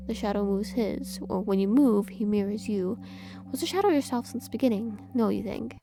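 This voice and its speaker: A woman reading aloud a horror visual novel with measured, eerie narration. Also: medium pitch, vocal fry, music in the background. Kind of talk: dramatic game narration.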